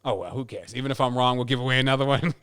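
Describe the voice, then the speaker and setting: A man's voice: medium pitch, rapid-fire, fairly bright tone, smooth. A man hosting a podcast, casually announcing giveaway winners and counting prizes aloud in an upbeat way. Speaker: podcast host.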